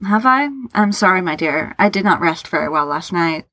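A woman voicing a reserved, dejected English gentleman who answers in formal, clipped lines. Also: lowish voice, lively intonation, normal speed, no room sound, clean studio sound. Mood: subdued.

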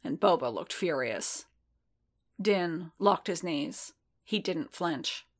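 Woman reading a story aloud, fairly low voice. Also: animated, slow pace. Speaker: reader. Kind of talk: reading fan fiction aloud.

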